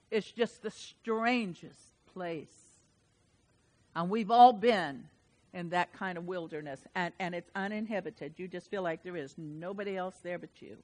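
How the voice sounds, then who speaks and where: A woman preaching a sermon with an animated, dynamic delivery that swings between hushed and loud. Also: on the low side, long reverb tail, low-quality recording.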